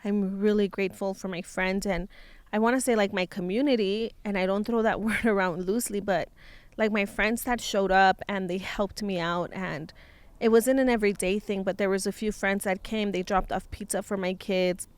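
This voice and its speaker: A woman's voice: mid-range voice, fairly even intonation, normal speed, smooth, no room sound. A woman in her thirties, a mother and vlogger, telling a personal story in a casual, heartfelt way, sometimes dropping into Spanish phrases.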